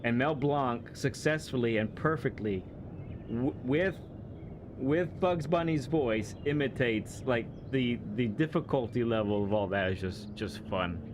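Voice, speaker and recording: During a casual racing-game livestream, a man rambles enthusiastically, frequently restarting and laughing. He speaks unhurriedly in a mid-range voice, with noise in the background.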